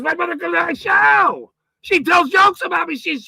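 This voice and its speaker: A man hosting his own channel, delivering an angry, profane, boastful rant straight to camera with frequent shouting. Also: very high voice, normal speed, vocal fry, no room sound, poor audio. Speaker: channel host.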